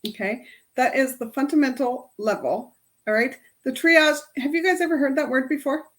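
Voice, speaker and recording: A woman's voice: sits high, moderate pace, a bit bright. A middle-aged woman life coach leading a self-help workshop in a casual, chatty way, often ending her points with "right?". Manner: chatty, tags lines with "right?". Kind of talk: casual workshop talk to a group.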